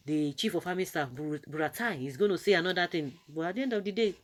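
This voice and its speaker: A woman's voice: fairly low pitch, fast. A Nigerian woman giving an opinion commentary to her viewers, indignant and asking one rhetorical question after another. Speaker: political commentator.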